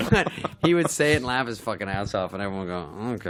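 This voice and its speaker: A man's voice: on the low side, lively intonation, quick pace, hardly any pauses, a loud crowd. A middle-aged man telling comic stories on a podcast, swearing and mimicking people as he laughs along. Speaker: podcast guest, comedian. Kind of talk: casual storytelling chat.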